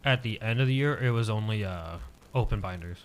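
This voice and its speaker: Low-voiced young man telling a story hesitantly. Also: fairly quick, slight background noise. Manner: hesitant storytelling, heavy use of "like" fillers. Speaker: podcast guest. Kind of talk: casual podcast conversation.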